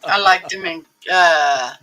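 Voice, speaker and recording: A woman's voice: medium pitch, unhurried, bright, forceful tone, soft background music, rough recording. A woman chatting casually with friends on a voice call, easygoing and laughing along.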